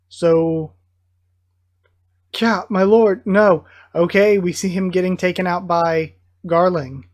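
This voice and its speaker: A channel host reacting live to a comic chapter, reading parts aloud with excited outbursts. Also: medium pitch, slow pace, long pauses. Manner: excitable, bursts of enthusiasm between plain read-aloud passages.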